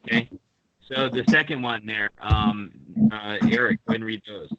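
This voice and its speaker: A male teacher runs a live online lesson, explaining patiently one step at a time and calling on students. His voice is bright and forceful. The audio comes through a little dull and lo-fi. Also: mid-range voice, very animated, normal speed, vocal fry.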